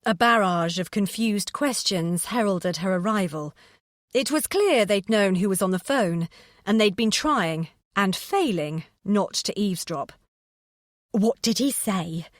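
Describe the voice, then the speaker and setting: A woman's voice: mid-range voice, measured pace, dry recording. Woman reading a novel, dry close sound. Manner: steady, expressive storytelling. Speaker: audiobook narrator. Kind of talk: scripted narration.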